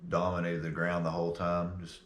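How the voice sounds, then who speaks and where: Young man, low voice, laughs a lot, casual swearing, echoey room. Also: monotone, a little fast. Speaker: podcast co-host. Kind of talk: casual chat.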